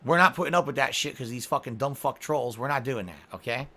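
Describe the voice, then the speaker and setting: A man's voice: mid-range voice, fast. A man streaming from his home office, ranting in a profane, exasperated way. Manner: profane, exasperated, lively complaining.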